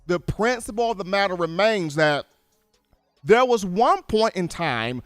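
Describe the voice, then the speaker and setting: A man hosting a sports show, giving opinionated commentary in an emphatic, animated way, now and then acting out other people's voices. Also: high voice, clear, resonant tone, no echo, clean studio sound. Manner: animated, emphatic, acts out voices of fans and relatives.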